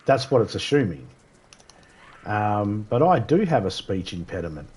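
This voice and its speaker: A man's voice: lowish voice, very animated, normal speed, a little mellow, slightly rough. A man streaming a video game live, chatting casually with slightly slurred speech, rambling through stories and laughing often. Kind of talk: casual chat while gaming live.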